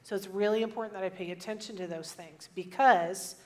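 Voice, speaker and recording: A woman's voice: mid-range voice, steady tone, fairly quick, few pauses, darkish tone. A woman with a mid-range voice teaches a church lesson on relationships. She sums up her points in catchy sayings and repeats them. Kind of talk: sermon teaching.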